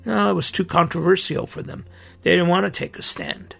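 A man's voice: high voice, fairly quick, creaky, fairly bright tone, husky, faint music behind. A middle-aged man, a priest hosting his own podcast, speaking in an earnest, indignant and emphatic monologue.

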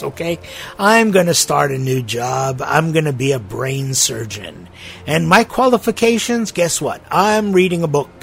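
A priest hosts his podcast with a bouncy, lively voice that swings up and down. He has a slightly high, gravelly man's tone. He teases his listeners playfully, with his tongue in his cheek, while faint music sits under him. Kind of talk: conversational spiritual podcast talk.

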